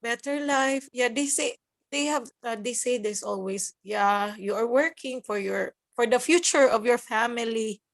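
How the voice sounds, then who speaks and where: A woman in her thirties with a Filipino accent, speaking haltingly as a guest in an emotional podcast interview, switching between English and German. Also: a little high. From Philippines. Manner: halting, mixes English and German, laughs through tears. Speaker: guest, nurse working abroad.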